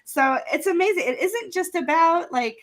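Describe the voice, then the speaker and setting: A woman's voice: very high-pitched, animated, moderate pace. A woman hosting a live online event, chatting casually and thanking sponsors, speaking from a remote video call. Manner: chatty, laughs often, sponsor thank-yous. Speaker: event host. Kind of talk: casual live-stream chat.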